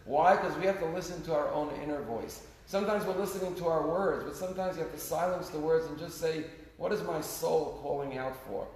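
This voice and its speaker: Gravelly rabbi preaching in an echoey hall. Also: male voice, a little high, a little fast, few pauses, darkish tone. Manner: earnest storytelling preacher, rising and falling in volume. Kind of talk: sermon. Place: synagogue sanctuary. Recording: echoey sanctuary with long reverb, faint noise.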